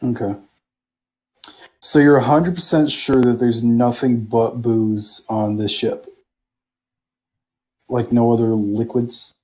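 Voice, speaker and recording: A man's voice: mid-range voice, steady tone, slow, pauses often, darkish tone. A man playing a tabletop game, talking in a casual, blunt way with fillers. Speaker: player.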